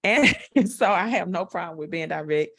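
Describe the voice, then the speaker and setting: A woman with a Southern US accent speaks in a low voice. She sounds direct and confident. She talks at an unhurried pace, with frequent fillers, as an interview guest. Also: expressive, a bit bright. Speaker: guest, network marketer. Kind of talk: interview answers.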